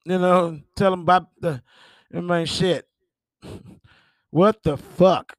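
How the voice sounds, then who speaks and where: A man's voice: high-pitched, steady tone, slow pace, dry recording, clean studio sound. A man hosting a podcast, reading celebrity headlines and reacting with profane exclamations and laughter. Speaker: podcast host. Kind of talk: casual celebrity gossip commentary.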